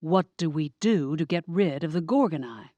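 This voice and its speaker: A woman's voice: low-pitched, lively intonation, dark tone, no room sound, dull audio. A woman voicing a firm, decisive man in an audiobook. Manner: firm, quick.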